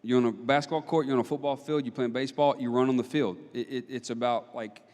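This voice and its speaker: An earnest man talks through a parenting topic in a relaxed, conversational teaching style, with steady mid-range pitch. He leans emphatically into his points and restarts words when he gets going. The sound carries a long room reverb. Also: fast. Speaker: church parenting talk co-host.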